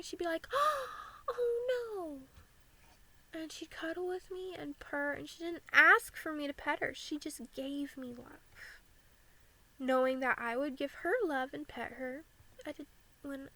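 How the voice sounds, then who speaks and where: A woman's voice: sits high, moderate pace, bright, forceful tone, poor audio. A young American woman vlogging candidly about living with anxiety, saying "like" often. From United States. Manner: candid and earnest, frequent "like" fillers.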